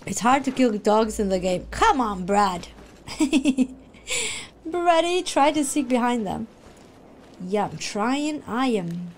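A woman streamer giving excitable live reaction commentary on a video game, shrieking, gasping and talking to the characters on screen. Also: on the high side. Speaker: gaming streamer.

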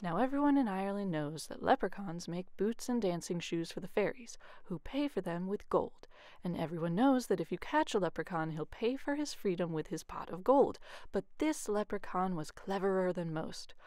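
Woman, bedtime storyteller, expressive with hushed stretches, dry sound. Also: mid-range voice, moderate pace, no room sound. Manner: expressive, often hushed narration. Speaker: youth ministry coordinator.

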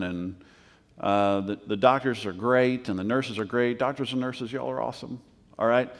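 A male pastor delivers a sermon in a conversational yet emphatic way, repeating key points and checking in with his listeners. His voice sits at a middle pitch. The recording carries the long reverb of a church sanctuary. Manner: conversational preaching with emphatic repetition.

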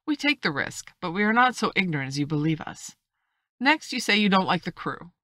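A woman voicing a calm, shrewd doctor. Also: on the low side, no echo, pitched above the performer's own voice. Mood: measured. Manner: measured and reasonable. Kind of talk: audiobook reading.

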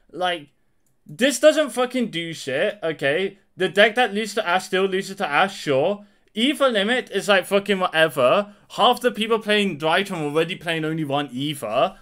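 A man's voice: sits high, a bit bright. A man reacting live to card game news, exasperated and angry, swearing heavily. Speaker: card game content creator.

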